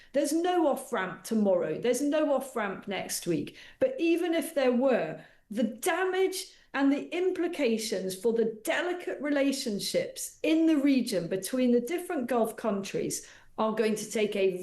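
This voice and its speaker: A woman's voice: fairly high pitch, darkish tone. Assertive woman, echoey studio sound. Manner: articulate, assertive, measured. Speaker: radio guest commentator. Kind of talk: political commentary on talk radio.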